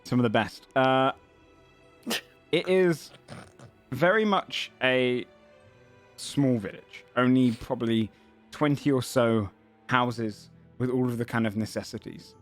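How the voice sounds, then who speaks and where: A man in a mid-range voice leads a tabletop game as its game master. He describes the scene haltingly, pausing on ums and fixing his words as he goes, with faint music underneath. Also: mid-range voice. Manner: halting, many ums and self-corrections.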